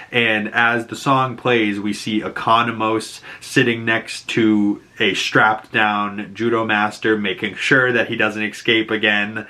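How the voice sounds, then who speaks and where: A man's voice: lowish voice, pushed and bright. A man with a Boston accent recapping a TV episode in casual, profane chat, laughing and jumping into characters' lines. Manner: swearing, laughing, acting out characters' lines in a raised voice. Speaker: show recap host.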